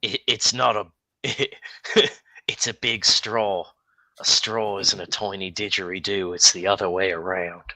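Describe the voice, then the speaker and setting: Aussie guy joking around, super bright voice, dry close sound. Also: deep voice, flat delivery, a little slow, no room sound, low-quality recording. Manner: laughs often, rambling and jokey. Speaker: podcast co-host. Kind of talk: casual banter.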